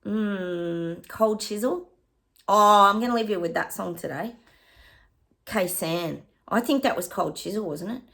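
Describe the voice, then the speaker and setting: A middle-aged Australian woman talks through a psychic reading for her viewers, her voice carrying a gravelly, fry-edged texture at an ordinary pitch. She chats loosely, keeps breaking off with "hang on," and laughs easily. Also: a bit bright. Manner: chatty, keeps pausing to say hang on; laughs often and hums snatches of songs.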